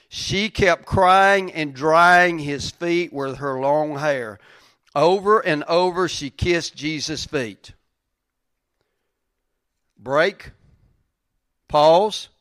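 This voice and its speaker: A man's voice: high voice, dry recording. Emphatic preaching man, dry close sound. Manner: emphatic, repeats phrases for effect, swings between loud and soft; plain-spoken, folksy preaching. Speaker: pastor. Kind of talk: sermon.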